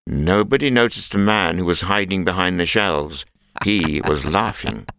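A man narrating a simple storybook in a clear, measured reading voice. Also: low voice, a bit bright.

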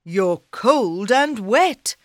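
A woman's voice: mid-range voice, lively intonation, very slow, dry recording, clean studio sound, pitched above the performer's own voice. A woman voicing a gracious storybook king. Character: kind, polite old-fashioned king. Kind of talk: storybook reading.

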